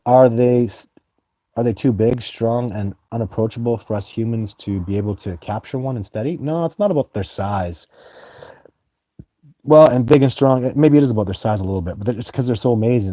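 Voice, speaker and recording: A man's voice: mid-range voice, moderate pace, warm tone, no echo. A man hosting a live stream and answering viewer comments in a rambling, enthusiastic way, swearing casually and laughing often.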